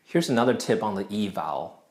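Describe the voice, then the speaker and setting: A man teaching a recorded pronunciation lesson, drilling syllables clearly and patiently checking in with his students. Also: lowish voice, expressive, a little fast, a little mellow. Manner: patient, checks in often with "right?" and "okay?". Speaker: language teacher.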